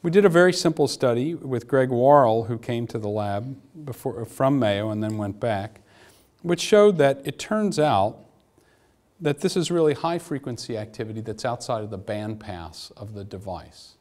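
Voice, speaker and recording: A middle-aged man giving a conference lecture in an animated, anecdotal way with wry asides. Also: mid-range voice, normal speed. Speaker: academic lecturer. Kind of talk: conference talk. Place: lecture hall.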